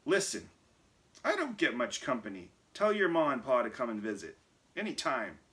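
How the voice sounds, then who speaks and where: A man voicing an old but lively male harvest mouse in a storybook reading, with a squeaky, excited voice. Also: normal speed. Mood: friendly.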